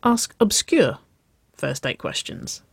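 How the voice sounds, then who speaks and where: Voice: medium pitch, expressive, a little slow, darkish tone, dry recording, pitched above the performer's own voice. A storyteller voicing a confident young woman on a first date, who grins and teases playfully. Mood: eager. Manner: grinning, playful teasing, flustered at times.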